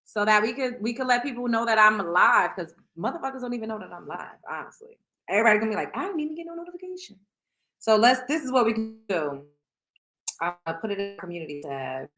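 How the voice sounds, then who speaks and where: A woman's voice: mid-range voice, lively intonation, quick pace, a bit bright, faint music behind. A woman hosting a livestream, chatting in slang with her viewers. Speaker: show host. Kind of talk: casual livestream chat.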